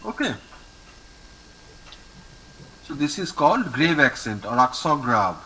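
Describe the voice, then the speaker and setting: A male French teacher with an Indian English accent, patiently repeating each word slowly for a student in an online class. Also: on the high side, very animated, pushed and bright, poor audio. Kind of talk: online language lesson. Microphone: video call.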